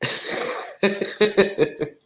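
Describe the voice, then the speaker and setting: Live-stream host, man from New Jersey, bright and chatty, echoey room. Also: very slow. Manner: chatty, laughs often, answers chat comments aloud. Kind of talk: casual live chat.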